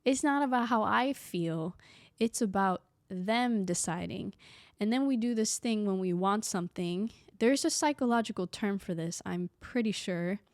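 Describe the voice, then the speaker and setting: A young woman from Sweden talking casually to the camera, reflective and animated, acting out the people she quotes. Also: mid-range voice, moderate pace, dry recording, studio quality. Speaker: vlogger.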